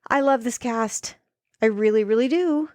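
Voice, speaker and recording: A woman's voice: on the high side, normal speed, no room sound, studio quality. A woman co-hosting a comedy podcast, chatting in a profane, sarcastic, joking way. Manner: profane, sarcastic, playful, deadpan jokes. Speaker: podcast co-host. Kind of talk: casual comedic chat.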